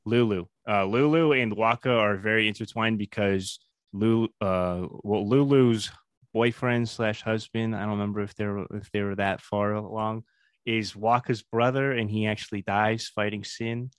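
A man's voice: lowish voice, fairly even intonation, normal speed, clear, resonant tone, no echo, clean studio sound. A man as a podcast guest in casual chat, rambling and correcting himself as he goes. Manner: rambling, self-correcting, chuckles.

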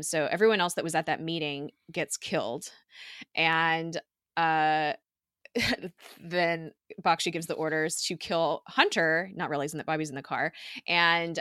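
A woman co-hosts a casual recap podcast, talking in a chatty, filler-heavy way and acting out bits of dialogue. Her voice is bright and forward, a little lower in pitch than most women's, and recorded dry and close with no room sound. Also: smooth, dry recording. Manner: chatty, many fillers, animated retelling with quoted dialogue. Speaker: podcast co-host.

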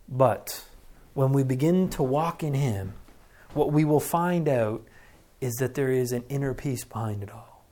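A middle-aged man preaching a sermon as pastor, earnest and conversational, acting out deep breaths. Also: animated, a little slow, mellow.

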